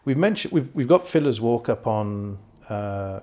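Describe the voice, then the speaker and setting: Man, mellow dark tone, interviewer, casual, halting phrasing. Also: mid-range voice, animated. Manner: hesitant, many fillers and restarts. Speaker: interviewer and film director.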